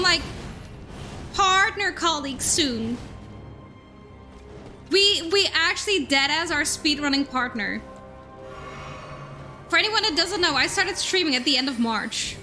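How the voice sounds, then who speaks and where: A young woman streaming a game live, chatting with her viewers in an excitable way and swearing now and then, with faint game music behind her. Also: high voice. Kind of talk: casual live-stream chat while gaming.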